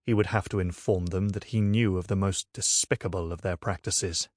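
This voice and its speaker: A male audiobook narrator with a fairly low voice, reading in a measured, steady manner. He sits close to a studio microphone in a dead, dry booth. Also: no room sound. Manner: measured, even storytelling. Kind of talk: scripted narration.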